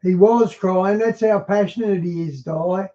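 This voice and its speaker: A man's voice: high-pitched, a little slow, dark tone. A man commenting over a played clip and making dry asides to someone watching with him. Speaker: reaction commentator. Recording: muffled lo-fi audio.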